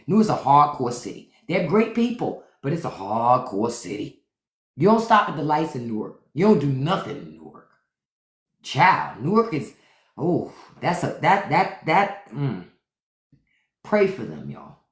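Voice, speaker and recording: A middle-aged woman from Washington, DC, hosting a casual livestream and telling profane, animated stories. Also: deep voice. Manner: animated, profane storytelling with acted-out quotes. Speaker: podcast host on a live stream. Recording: roomy echo.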